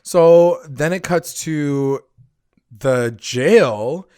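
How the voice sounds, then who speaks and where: A man's voice: fairly high pitch, drawn-out words, a little mellow, clean tone, no echo, clean studio sound. A young man co-hosting a podcast, recapping a TV episode in casual chat, swearing often and acting out the characters' lines. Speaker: podcast co-host.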